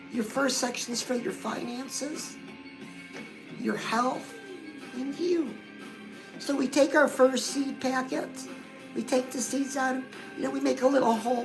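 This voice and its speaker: A woman's voice: sits high, creaky, rough recording. A woman hosting a livestream pep talk, coaching listeners in a sassy, direct way and calling them "girl". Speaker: host.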